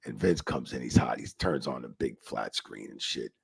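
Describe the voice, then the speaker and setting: Gravelly, animated man telling stories. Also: very deep voice, normal speed, no echo. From New Jersey. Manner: profane, animated storyteller acting out quotes. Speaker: former wrestling referee, guest. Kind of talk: casual storytelling interview.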